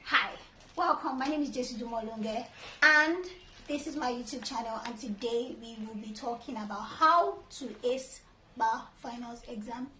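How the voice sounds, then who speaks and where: High-voiced young Nigerian woman vlogging. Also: moderate pace, reverberant, recorded from a distance, noisy background. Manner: upbeat, gives numbered tips. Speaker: vlogger, law graduate. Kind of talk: casual advice vlog.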